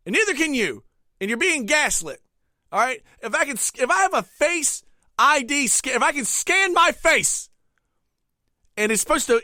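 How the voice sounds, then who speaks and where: A high, bright-voiced man rants in a comedic monologue, cursing as he swings between grumbling asides and sudden shouts. The sound is close and dry. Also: sing-song, moderate pace, no room sound. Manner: angry, swearing, swings from muttering to shouting. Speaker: comedic ranting host.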